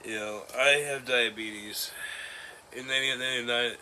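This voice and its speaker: A man in his forties talking in a personal vlog, halting and emotional, breaking into nervous laughs. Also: medium pitch, steady tone, pushed and bright, slight background noise. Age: 40s. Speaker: vlogger. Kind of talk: personal vlog recounting an ordeal.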